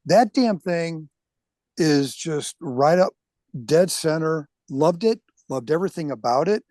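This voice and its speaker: A man's voice: a little high, expressive, a little slow, warm tone, no echo. An older man chatting as a podcast guest, blunt and enthusiastic, swearing casually. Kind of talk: casual chat.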